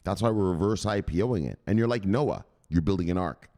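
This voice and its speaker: A man's voice: sits low, expressive, fairly quick. A man hosting a crypto channel in a brash, profane ranting monologue. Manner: brash, profane, shouts "bang".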